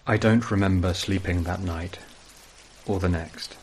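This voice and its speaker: Low flat-voiced man narrating horror. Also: unhurried, slight background noise, rough recording. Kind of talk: scripted first-person horror narration.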